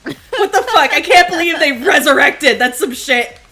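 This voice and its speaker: A woman streaming a game, chatting casually and breaking into loud exasperated outbursts at it. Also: high-pitched, animated, moderate pace. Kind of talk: casual gameplay chat.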